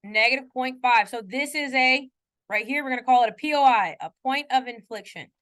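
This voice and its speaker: A woman math teacher lectures in a classroom with a high, light voice. She keeps it casual and conversational, poking fun at her own slips. She often pauses to ask whether her students follow along. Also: fairly bright tone. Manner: chatty, often checks in with students; playful self-mocking asides.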